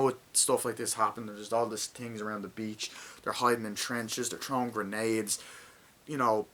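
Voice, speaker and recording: Man, casual movie review, rambling, swears a lot, lowish bright tone. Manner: acts out scenes with shouted lines.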